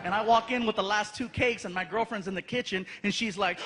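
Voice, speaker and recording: A middle-aged man performs stand-up, telling stories animatedly and acting out voices. His voice is high-pitched and fast, picked up by a live stage mic along with audience noise.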